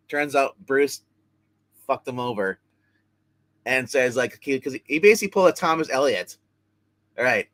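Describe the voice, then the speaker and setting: A man's voice: medium pitch, fairly bright tone. A man hosting a live comic book review, recapping plots casually with many fillers and restarts.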